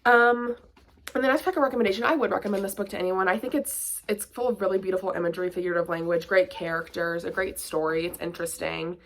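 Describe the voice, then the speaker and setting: A woman's voice: lowish voice, fast. A woman giving a casual vlog book review, chatty and full of "like" and playful sarcastic asides.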